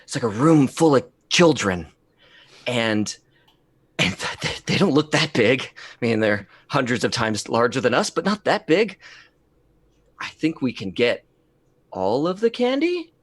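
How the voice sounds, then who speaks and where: A man's voice: medium pitch, big pitch swings, measured pace, breathy edge. A man voicing a small scheming male robot creature who mutters and rambles about candy.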